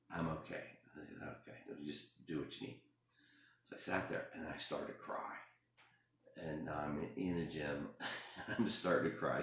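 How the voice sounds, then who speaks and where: A man who is a pastor, talking through a personal story in a halting, emotional way with many restarts. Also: a bass voice, creaky, heavy reverb. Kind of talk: personal reflective talk.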